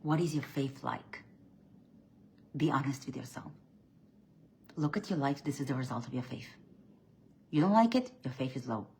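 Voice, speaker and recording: A woman giving a blunt, preachy faith talk as a spiritual coach, swinging from loud emphatic bursts to low quiet lines, often restarting and repeating words. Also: expressive, moderate pace, pauses often, a little hiss or hum.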